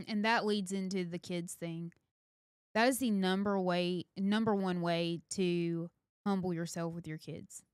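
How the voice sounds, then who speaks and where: A woman's voice: fairly low pitch, steady tone, unhurried, clean tone, no room sound, clean studio sound. A woman, earnestly giving parenting advice on a casual podcast. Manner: earnest, advice-giving, speaks directly to listeners. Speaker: podcast co-host.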